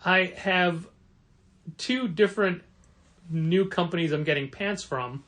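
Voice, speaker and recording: A man co-hosting a comic shop podcast in casual chat, animated and acting out quoted lines in a raised voice. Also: high-pitched, a little slow.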